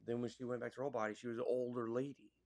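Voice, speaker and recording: A man's voice: mid-range voice, little pitch movement, rapid-fire, a little mellow. A man casually retelling a film's plot in a rambling way, full of fillers and restarts. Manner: rambling, filler-heavy, lots of "like" and "you know". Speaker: vlogger. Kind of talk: casual film recap.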